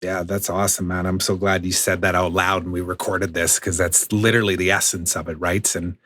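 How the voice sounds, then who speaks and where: A man's voice: low voice, flat delivery, a little fast, fairly bright tone, dry recording, studio quality. A man hosting a podcast, asking questions and chatting with enthusiasm and frequent laughter. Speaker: podcast host. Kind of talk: casual interview conversation.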